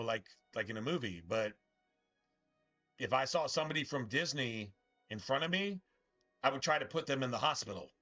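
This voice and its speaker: A man's voice: mid-range voice, sharp tone, dull audio. A man streaming a game, ranting bitterly and with lots of swearing, stumbling over restarts as he talks. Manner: profane, bitter, rambling with many restarts. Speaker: gaming streamer. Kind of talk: casual ranting commentary over gameplay.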